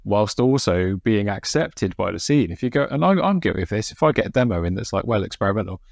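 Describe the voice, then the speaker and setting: English podcast host, lowish voice, loose and rambling. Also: male voice, lively intonation, fast, creaky, dry recording, clean studio sound. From England. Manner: rambling, swears casually. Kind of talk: casual chat.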